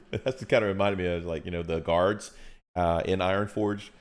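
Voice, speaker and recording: A man telling funny stories in casual livestream chat, animated and quoting others in different voices. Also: deep voice, moderate pace. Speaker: co-host.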